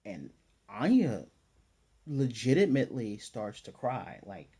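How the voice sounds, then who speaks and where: Mellow-voiced man recapping an anime. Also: mid-range voice, takes it slowly, creaky, husky. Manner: animated retelling, acting out characters' lines. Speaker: anime reviewer. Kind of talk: casual recap and commentary.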